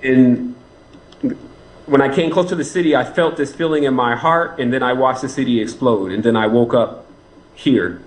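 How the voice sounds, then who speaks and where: A man's voice: mid-range voice, poor audio. A man being interviewed as a spiritual teacher, answering in an earnest, rambling way and laughing often.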